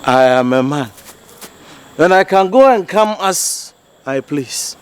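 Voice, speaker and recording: A man's voice: on the high side, lively intonation, slow, clear, resonant tone. An actor playing a defiant, argumentative young man with a Ghanaian accent in a Ghanaian film drama.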